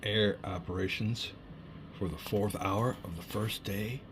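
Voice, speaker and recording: A middle-aged channel host narrates a solo board wargame playthrough, chatting and thinking aloud as he rolls dice. His voice is on the low side, fairly even in intonation and a little slow, with background noise behind it.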